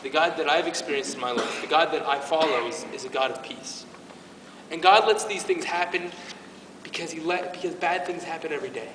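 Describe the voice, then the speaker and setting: Fairly high in pitch and brisk, a parish youth ministry speaker's voice carries an informal faith talk to the youth group. His tone is earnest and emotional, with many false starts. The recording is from far off in an echoey hall, against a noisy background.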